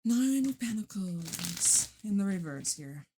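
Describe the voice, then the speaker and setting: A woman's voice: mid-range voice, animated, slow pace, noisy background. A woman giving a casual tarot reading at home into a microphone, chatty and blunt, swearing and laughing often. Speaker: tarot reader. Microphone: studio microphone.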